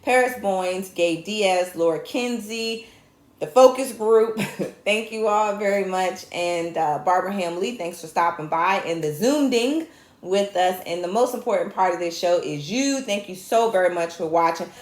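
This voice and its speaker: A woman's voice: medium pitch, unhurried. A woman with a Southern US accent hosting a casual comedy talk show, joking and speaking with conviction. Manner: animated, joking, preachy asides. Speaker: host. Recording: echoey room.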